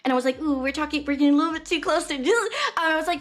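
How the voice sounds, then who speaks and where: A woman's voice: sits high, very fast, few pauses. A young woman streamer casually telling a rambling story to her chat, full of fillers and acted-out quotes. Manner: rambling, lots of fillers and voiced quotes of others. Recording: lo-fi music playing softly behind.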